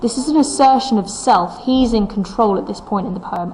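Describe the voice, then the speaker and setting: A woman's voice: a little high, a little fast, dark tone, slight background noise, rough recording. A woman teaching a recorded English lesson, explaining a poem step by step and reading its lines aloud with the stresses brought out.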